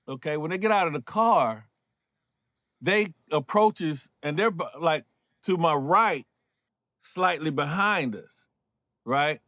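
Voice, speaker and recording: A man in his fifties from North Carolina tells a story in a relaxed, chatty way, full of asides to the listener. His voice sits high. The recording is close and dry. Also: no room sound. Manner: loose, conversational, with frequent asides. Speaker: show host and storyteller. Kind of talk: casual personal storytelling.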